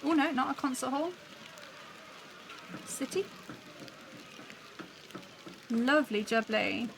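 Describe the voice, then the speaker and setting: Her voice is high and creaky and she speaks slowly, hosting a livestream where she builds a soundscape while chatting, thinking aloud, and responding to live chat. Background noise is present.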